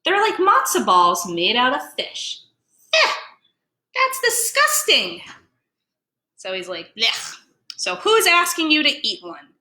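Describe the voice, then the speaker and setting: A woman educator reads a picture book to children in a slow, unhurried way, her bright, high voice swooping with lively expression. She stops often to explain words playfully, and the sound rings in an echoey room. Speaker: museum educator. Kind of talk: children's story reading.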